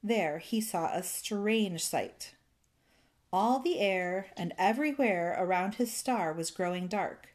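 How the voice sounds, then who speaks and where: A woman reading a children's fairy tale aloud in a gentle, rhythmic way, savoring its repetitions. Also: medium pitch, expressive, takes it slowly. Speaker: storyteller.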